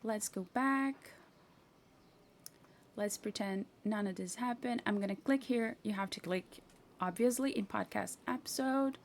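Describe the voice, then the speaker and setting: A woman hosting a casual software tutorial, chatty and self-mocking, talking to herself as she clicks through. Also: mid-range voice, unhurried, slight background noise. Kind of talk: casual screen-share tutorial.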